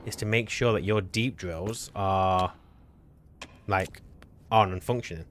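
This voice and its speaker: Man, deep-ish voice, casual game-stream chat, teasing, restarts mid-sentence. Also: takes it slowly, pauses often, a bit bright, a little hiss or hum. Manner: chatty, self-correcting, teasing.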